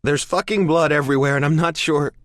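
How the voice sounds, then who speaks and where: A man's voice: on the high side, brisk, no room sound, studio quality, voice pushed up, lightly acted. A man voicing a panicked young man who pleads frantically for help. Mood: frantic.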